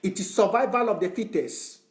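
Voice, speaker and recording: Male activist, high voice, impassioned and lecturing, roomy echo. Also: moderate pace. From Southern Cameroons. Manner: fervent, repetitive, lecturing. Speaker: online activist. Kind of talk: impassioned address to followers.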